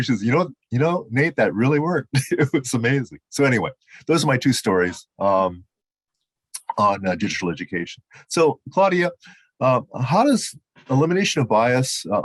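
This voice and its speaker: An older man, a retired judge, telling stories in a webinar, halting and full of fillers and restarts. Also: on the low side, no room sound. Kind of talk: storytelling in a webinar.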